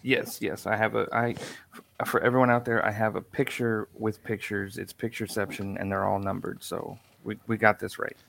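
A man with a gravelly, lowish voice moderating a podcast, halting and apologetic as he trips over his words. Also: flat delivery, fairly bright tone, a little hiss or hum. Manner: hesitant, stumbling, apologetic. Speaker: guest moderator. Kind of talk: casual comedic chat.

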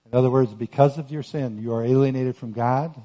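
A man preaching a sermon on Scripture, earnest and emphatic, rising to forceful peaks. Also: medium pitch, a little fast, muffled recording. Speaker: pastor.

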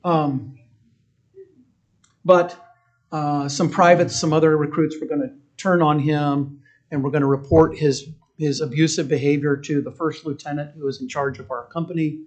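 A man's voice: fairly high pitch, darkish tone. A man telling a personal story from boot camp in a conversational way, with restarts and quoted voices. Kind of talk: storytelling talk.

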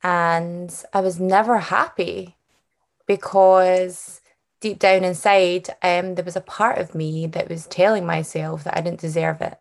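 A woman's voice: on the low side, steady tone, a little slow, vocal fry. A woman in her thirties with a Glasgow Scottish accent, a guest author talking openly in a podcast interview. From Scotland. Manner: earnest and open, with fillers.

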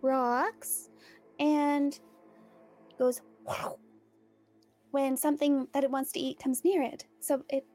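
High-voiced woman playing d&d, giggly, drifts into a bit of an accent in character. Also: little pitch movement, slow pace, pauses often, darkish tone, faint music behind. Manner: chatty, giggly, slips into a put-on accent. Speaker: player. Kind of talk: tabletop game play, partly in character.

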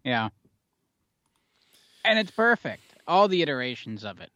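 A man's voice: a little high, very animated, measured pace, sharp tone, no echo. A man co-hosting a podcast, chatting casually with laid-back short replies and dry asides. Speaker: podcast co-host. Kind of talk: casual chat.

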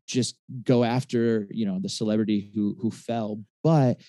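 A man's voice: on the low side, steady tone, moderate pace, mellow, no echo. A man in his forties, a pastor and author, telling a personal story in a conversational interview, with many restarts and fillers. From Michigan.

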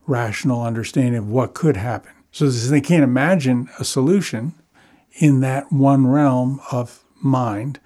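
A man with a mid-pitched, mellow voice speaks in a measured way. He reflects at length and builds his thoughts step by step in a relaxed conversation.

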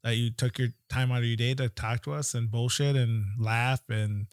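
A man hosts a podcast in an easygoing way, trading jokes and dropping the odd swear word. His voice sits at an ordinary pitch and sounds close and dry. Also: fairly even intonation, normal speed, no room sound. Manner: laid-back, swears casually. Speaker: podcast host. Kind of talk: casual chat.

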